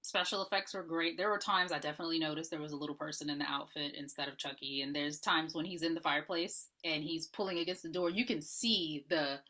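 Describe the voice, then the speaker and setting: A woman co-hosting a podcast, relaxed as she recaps and rates a horror movie in casual talk. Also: low-pitched, quick pace, hardly any pauses. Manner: relaxed, gives ratings and recommendations. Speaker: podcast co-host.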